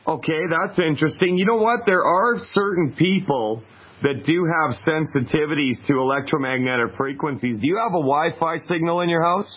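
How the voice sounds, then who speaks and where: A man's voice: a little high, brisk. A man hosting a call-in radio show, easygoing and joking with callers. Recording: dull, muffled radio audio.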